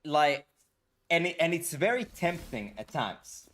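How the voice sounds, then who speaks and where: A man's voice: a little high, sing-song, normal speed, a bit bright. A man streaming a game, talking in a blunt, profane casual rant full of fillers. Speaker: gaming streamer. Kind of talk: casual ranting stream talk.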